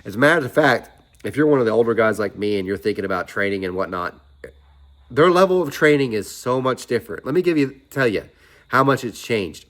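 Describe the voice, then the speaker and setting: A man's voice: mid-range voice, expressive, a little fast, fairly bright tone. A middle-aged man, talking casually to camera in a rambling, chatty way with lots of asides. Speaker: vlogger. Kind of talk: casual chat.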